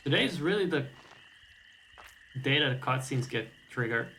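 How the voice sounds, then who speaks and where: A man's voice: mid-range voice, expressive, unhurried, pushed and bright, a little hiss or hum, poor audio. A man streaming a game, casual commentary, wry and profane with rambling asides.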